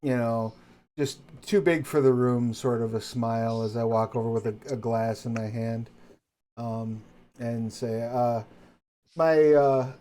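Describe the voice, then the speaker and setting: A man's voice: medium pitch, level tone, measured pace, warm tone. A man playing a tabletop game, playful and theatrical in his turns. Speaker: player.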